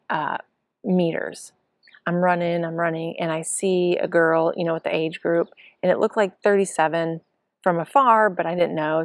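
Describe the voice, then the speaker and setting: Middle-aged woman coach, lowish voice, giddy and chatty, recapping her own race. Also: no echo. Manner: excited, breathless storytelling with acted-out quotes. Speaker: triathlon coach. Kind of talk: casual spoken race report.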